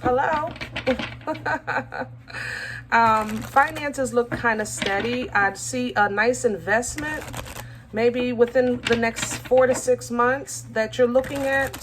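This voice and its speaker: A tarot reader with a slightly high voice gives her viewers a casual reading over a noisy background. She's chatty and affectionate, calling them baby and y'all, and often hunts for words with lots of ums and restarts.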